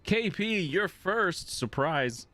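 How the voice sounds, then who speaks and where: A man's voice: sits high, expressive, slow pace, sharp tone, faint music behind. A man hosting a live tabletop game stream as game master, upbeat and laughing as he introduces his players.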